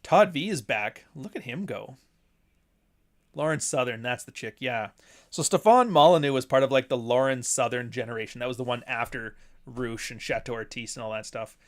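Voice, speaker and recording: Animated profane man livestreaming. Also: medium pitch, normal speed. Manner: animated, laughing, profane storytelling. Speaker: livestream host and author. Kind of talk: casual livestream chat reading super chats.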